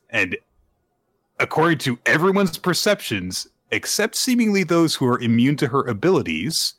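A man's voice: medium pitch, moderate pace, dry recording. A man on a casual podcast, retelling a manga chapter and acting out the characters' lines with lots of fillers. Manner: animated storytelling, acts out character quotes, many "uh"s. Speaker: podcast co-host recapping manga.

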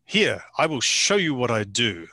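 A man's voice: mid-range voice, sing-song, unhurried, bright, forceful tone, dry recording. A man, a photographer, casually telling a long anecdote to a small group, with frequent restarts and dry humor.

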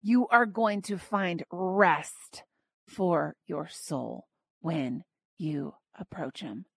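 A young adult woman hosting a devotional podcast, teaching earnestly and emphatically, dropping soft and then rising to exclaim. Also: on the low side, drawn-out words, vocal fry, husky, dry recording. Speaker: podcast host and Bible teacher.

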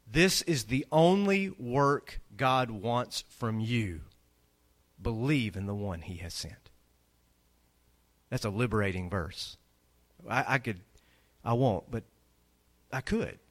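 A male pastor delivering a sermon in a medium-pitched voice. His pitch swings widely as he preaches, climbing to emphatic high points and then falling back low and quiet. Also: expressive, takes it slowly, pauses often. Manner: emphatic preaching, rising to loud peaks and dropping low.

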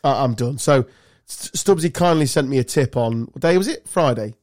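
A man's voice: medium pitch, expressive, moderate pace, a little mellow, dry recording, studio quality. A man co-hosting a podcast, telling loose, sweary, laughing stories in casual banter. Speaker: podcast co-host.

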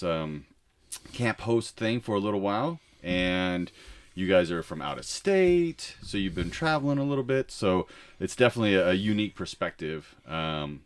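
A man's voice: on the low side, smooth. A man hosting a casual interview, friendly and jokey, laughing often. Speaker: host.

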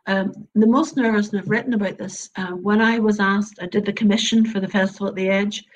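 A woman's voice: mid-range voice, steady tone, brisk, lo-fi sound, slight background noise. An Irish woman talking as a storyteller guest in an interview, earnest and emphatic, repeating her points. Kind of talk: interview conversation.

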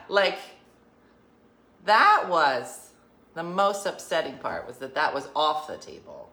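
A woman's voice: sits low, big pitch swings, measured pace, gravelly, long pauses, sharp tone, reverberant, slight background noise. A woman hosting an online show, chatting casually with viewers and laughing as she tells stories. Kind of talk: casual live-stream chat.

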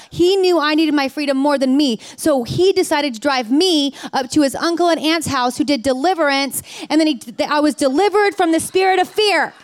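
Woman in her 40s preaching, high voice, super candid and chatty, dry close sound. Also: dry recording. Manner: candid and expressive, peppered with "like" and "oh my gosh". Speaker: ministry leader preaching. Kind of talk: sermon testimony.

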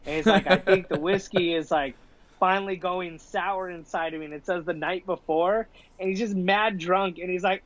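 A man's voice: sits high, normal speed. A young man in casual chat, telling stories full of "like" and swearing, laughing often. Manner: profane, laughing, animated storyteller with filler "like". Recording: dull lo-fi sound.

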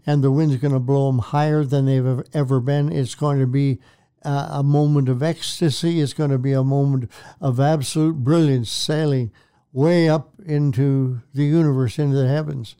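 A man's voice: medium pitch, fairly even intonation, normal speed, dark tone, clear, resonant tone. An older man, a minister, telling his faith story to an interviewer in an earnest, preacherly way that repeats phrases for emphasis. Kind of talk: testimony in a Christian talk show interview.

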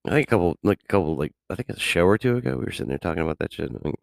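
Deep gravelly profane man rambling. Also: expressive, racing, dry recording, studio quality. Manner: profane, rambling, laughs often. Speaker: radio show host. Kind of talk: casual solo talk.

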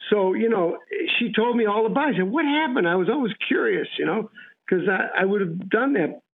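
An American actor, interviewed as a guest, has a high-pitched, expressive, fairly quick male voice with some creak. In a casual anecdotal interview he rambles through stories and acts out what people said. The audio comes over a tinny, phone-like radio line.

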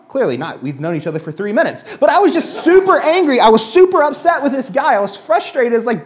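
Male pastor, 30s, chatty sermon delivery, animated pitch. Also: fast talker, few pauses. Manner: conversational storytelling with lively swings.

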